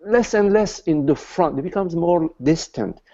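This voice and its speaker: A man leading a satsang, explaining patiently and haltingly to a questioner, with many restarts. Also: on the high side, lively intonation, mellow, lo-fi sound. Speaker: satsang teacher. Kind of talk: spiritual dialogue with a questioner.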